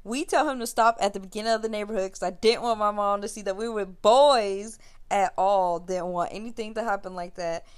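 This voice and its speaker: A young woman hosting a podcast casually recounts a funny story from her teenage years, speaking a bit fast at medium pitch. She's animated, acting out the quotes of the people involved and laughing as she goes.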